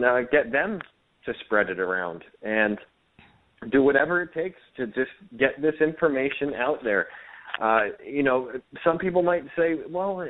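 A man's voice: mid-range voice, a little hiss or hum. A man speaking as a guest on a radio talk show, earnest and hesitant, with frequent fillers. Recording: tinny phone-line sound.

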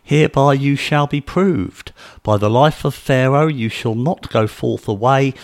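A man voicing a stern, powerful male ruler who accuses strangers, speaking slowly and deliberately. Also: mid-range voice, no echo, pitched above the performer's own voice, lightly acted.

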